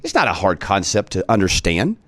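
Male podcast host, emphatic and indignant, pitch swings widely, dry close sound. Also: huge pitch swings, brisk, no room sound. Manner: emphatic, indignant, talks straight to listeners. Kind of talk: opinion commentary.

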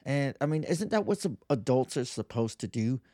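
This thirtysomething podcast host has a warm, mid-range voice with big pitch swings and a moderate pace, captured as a dry, clean studio recording. His casual monologue is a brash, profane rant where he mocks people and mimics them in whiny voices.

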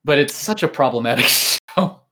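A man's voice: medium pitch, expressive, moderate pace, pushed and bright. A man co-hosting a podcast, chatting casually and laughing as he retells scenes. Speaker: podcast co-host. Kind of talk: casual chat.

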